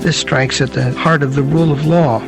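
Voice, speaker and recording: A college president delivering a measured, scripted radio spot. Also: male voice, medium pitch, fairly even intonation, poor audio. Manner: measured, lecturing. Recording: spot with music underneath.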